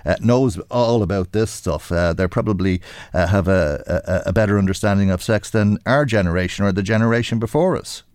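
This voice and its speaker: An Irish man hosting a live radio talk show, halting, with many pauses between phrases. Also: fairly low pitch, a little mellow, no echo, studio quality. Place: radio studio.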